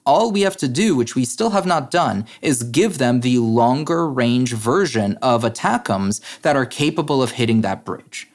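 Man, interview guest, earnest, explanatory, middle pitch, frequent fillers. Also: expressive, unhurried, hardly any pauses. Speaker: guest, head of a democracy nonprofit. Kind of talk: interview conversation.

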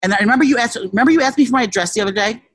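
A casual, profane storyteller who rambles with many restarts and shouted quotes. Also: male voice, very high voice, racing, no echo. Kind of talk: casual chat.

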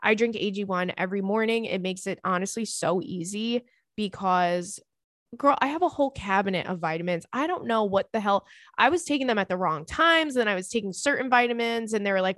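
A woman in her thirties hosting a podcast, chatting casually and reading a listener letter aloud in a lively, excitable way with casual swearing. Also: mid-range voice, fairly quick, dry recording, clean studio sound. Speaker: podcast host.

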